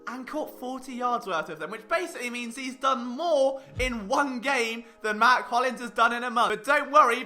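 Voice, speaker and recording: A man with a very high, sharp, ringing voice hosts a sports breakdown on camera, his pitch leaping all over as he rants. He sounds sarcastic and exasperated, and faint music plays low behind him. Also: lively intonation. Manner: sarcastic, exasperated, fast restarts when worked up. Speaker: sports vlog host. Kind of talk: animated rant-style sports analysis. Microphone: on-camera mic.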